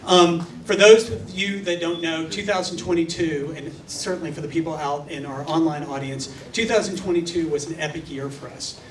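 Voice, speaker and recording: A man's voice: a little high, steady tone, moderate pace, few pauses, noisy background. A man hosting a live event as emcee, talking in a playful, teasing, self-deprecating way. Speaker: event host. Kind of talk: joking emcee speech. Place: large event hall. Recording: echoey hall mic from far off, crowd.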